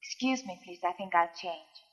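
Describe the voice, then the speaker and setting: An actress playing the scientist's polite grown daughter in a 1950s film. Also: female voice, fairly low pitch, normal speed, close to an everyday voice. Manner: polite and gracious.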